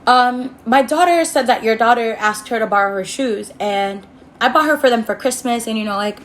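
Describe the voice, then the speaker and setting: A woman's voice: a little high, slight background noise, close to an everyday voice. A woman voicing another girl's mother calling to complain, hesitant and polite. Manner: hesitant, full of fillers.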